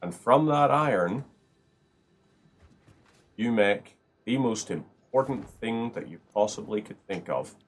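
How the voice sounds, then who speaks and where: A man hosting a gaming video, chatting casually and rambling through upbeat asides while he plays. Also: fairly low pitch. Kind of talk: casual gameplay commentary.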